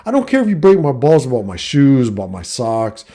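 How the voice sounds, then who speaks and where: A man's voice: mid-range voice, brisk. Blunt, cursing middle-aged man. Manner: profane, blunt, animated. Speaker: vlogger and coach. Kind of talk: casual storytelling rant.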